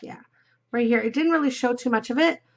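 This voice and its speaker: A woman chats as she knits, her voice fairly high with a gravelly fry. She rambles and giggles, yawning now and then. The recording sounds dull and lo-fi. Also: brisk. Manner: chatty, rambling, giggly, drops into murmurs. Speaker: knitting podcast host. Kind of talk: casual chat while knitting.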